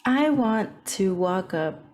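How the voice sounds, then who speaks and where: A woman's voice: mid-range voice, expressive, takes it slowly, a little mellow. A woman playing a tabletop game in a playful, chatty way. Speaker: player. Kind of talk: casual tabletop game play.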